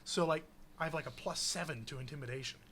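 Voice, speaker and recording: A young man recapping a tabletop game in casual chat, animated and laughing as he tells it. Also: a little high, fast, a little hiss or hum. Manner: animated storytelling with frequent laughs and fillers.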